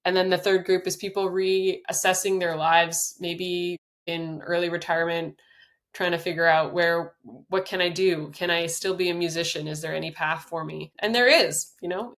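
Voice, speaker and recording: A woman's voice: on the low side, fairly even intonation, moderate pace, a bit bright. A middle-aged woman author talking earnestly in a podcast interview, with many restarts and fillers, then reading aloud from her book. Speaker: author and guest.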